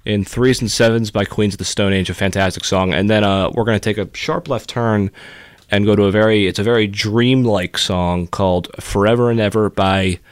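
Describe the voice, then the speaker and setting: Young guy co-hosting campus radio, kinda low voice, sarcastic jokey chat, dry close mic. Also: fairly even intonation, moderate pace, smooth, no room sound. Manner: sarcastic, joking. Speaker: college radio host. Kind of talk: casual chat.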